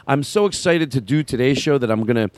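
A man's voice: mid-range voice, expressive, fast, dry recording. A man hosting a comedy talk show, rambling and swearing, with a guttural voice. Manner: profane, rambling, jokey. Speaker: comedy podcast host. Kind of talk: loose banter with bits of lounge-singer impression.

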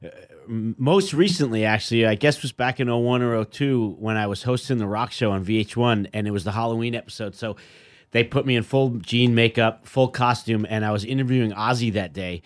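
Animated middle-aged man telling a story. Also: medium pitch, a little fast. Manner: animated storyteller, acts out quoted voices. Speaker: podcast guest. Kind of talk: casual storytelling.

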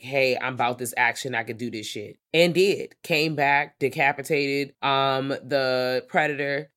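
A woman co-hosting a podcast, chatting casually about a film with expressive, exclaiming reactions. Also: low-pitched. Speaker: podcast co-host. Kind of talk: casual movie discussion chat.

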